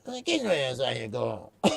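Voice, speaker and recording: With a mid-range voice and noticeable vocal fry, this man hosts a boxing talk stream, offering casual commentary that wanders, curses and circles back on itself. The sound is clean studio audio with no echo.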